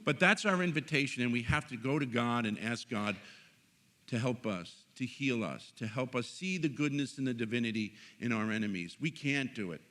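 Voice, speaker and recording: A man giving an inspirational faith talk at a conference, earnest and animated, telling stories with jokes. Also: mid-range voice, moderate pace. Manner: animated, joking, earnest storyteller. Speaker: conference speaker. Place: conference hall stage.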